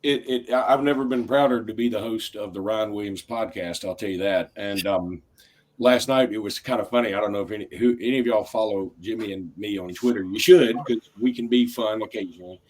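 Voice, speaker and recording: A man's voice: fairly low pitch, brisk. A man hosting a sports podcast, telling stories in casual chat. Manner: animated storyteller, voices in quotes. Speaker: podcast host.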